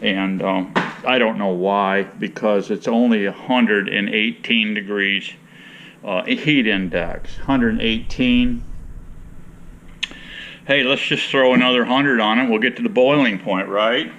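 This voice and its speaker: A man's voice: on the low side, measured pace, a bit bright, highs cut off. Folksy rambling man, faint noise behind. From Michigan. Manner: folksy, rambling, talking to viewers while mixing tea. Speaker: beekeeper vlogger. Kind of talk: casual vlog chat. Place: outdoors in hot sun.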